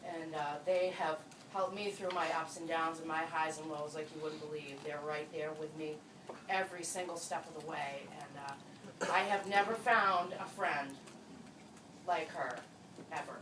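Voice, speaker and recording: A woman's voice: deep voice, steady tone, unhurried. A woman giving a heartfelt, tearful wedding toast as the bride's best friend, at a reception. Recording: distant echoey room with crowd noise.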